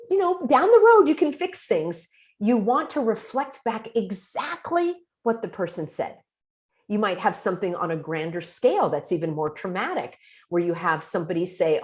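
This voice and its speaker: Woman, host, self-help talk, animated pitch, coaching tone, acts out examples. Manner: expressive, acts out example dialogue; conversational, coaching the listener.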